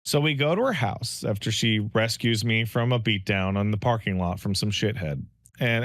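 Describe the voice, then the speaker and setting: A man's voice: on the low side, normal speed, no room sound, clean studio sound. A man co-hosting a casual podcast, telling a story with lots of swearing and acted-out bits of dialogue. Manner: animated storytelling, swearing, mock dialogue voices. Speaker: podcast co-host. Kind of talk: casual podcast chat, game recap.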